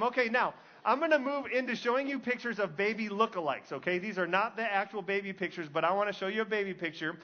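A man's voice: high voice, lo-fi sound. A male pastor giving a conversational sermon to a congregation, driving his points home by repeating key lines. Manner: conversational preaching with emphatic repetition.

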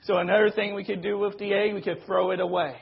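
A man's voice: sits high, flat delivery, fast talker, creaky, a little hiss or hum. A man preaching a sermon in an earnest, repetitive way, leaning on rhetorical questions. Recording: dull lo-fi recording.

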